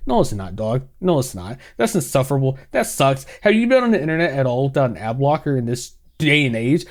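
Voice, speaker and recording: A young man ranting sarcastically in casual commentary, exaggerated and quick to laugh. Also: on the high side, big pitch swings. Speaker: gaming commentary youtuber.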